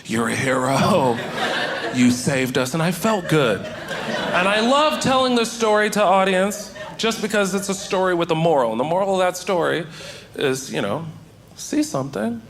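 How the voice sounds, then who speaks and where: Animated stand-up comedian man on stage. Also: high voice, moderate pace, a little hiss or hum. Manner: animated, acts out voices in his story, loud excited outbursts. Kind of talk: stand-up storytelling to a live audience. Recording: stage recording with audience laughter. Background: audience laughter.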